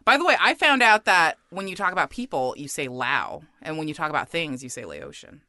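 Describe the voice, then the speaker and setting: A podcast co-host in casual chat who gives quick affirmations and explains points with examples. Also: medium pitch, big pitch swings, pushed and bright, dry recording, studio quality.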